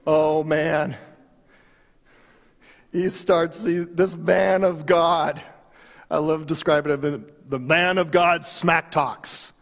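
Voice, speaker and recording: Animated preacher with a long echo. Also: male voice, fairly high pitch, vocal fry. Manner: animated storytelling, dramatic pauses and swings in volume. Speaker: pastor. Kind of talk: sermon. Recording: long hall reverb.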